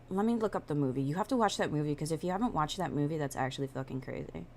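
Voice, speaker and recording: A woman streamer in casual reaction chat, telling a story with animated, profane energy. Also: low-pitched, very fast, few pauses, a little hiss or hum.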